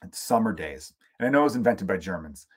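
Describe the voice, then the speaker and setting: A man from the United States hosting a solo podcast, ranting in a casual, profane, animated way with sarcastic asides. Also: low-pitched, fast, breathy edge. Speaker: podcast host.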